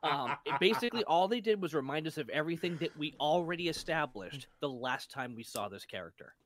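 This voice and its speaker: Male podcast co-host with a high-ish, lively voice, emphatic critic. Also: fairly quick, a little hiss or hum. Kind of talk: casual chat.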